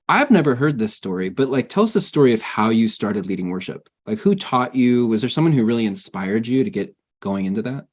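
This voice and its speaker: A man's voice: mid-range voice, big pitch swings, brisk, hardly any pauses, a little mellow. Man hosting a friendly interview. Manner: friendly, asks questions, short affirmations. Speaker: interview host. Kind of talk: casual interview.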